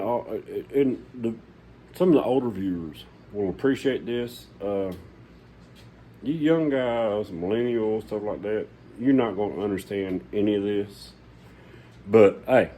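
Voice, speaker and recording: A man's voice: fairly low pitch, dark tone, husky, poor audio. A middle-aged man, hosting his own channel and talking casually to the camera in his home shop, blunt, rambling and folksy. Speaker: channel host.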